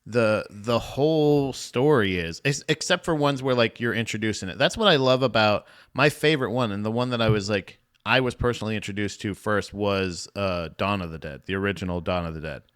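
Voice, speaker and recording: A man's voice: on the low side, brisk, hardly any pauses, fairly bright tone, clear, resonant tone. Rambling man co-hosting a podcast. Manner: rambling, restarts often, profane. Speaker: podcast co-host. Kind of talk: casual movie chat.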